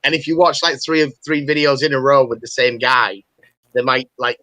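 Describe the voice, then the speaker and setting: A man from the North of England chatting as a livestream guest. His voice is bright and forward. The sound is very dry and close. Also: mid-range voice, little pitch movement, a little fast, no echo, low-quality recording. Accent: Northern English. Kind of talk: casual chat.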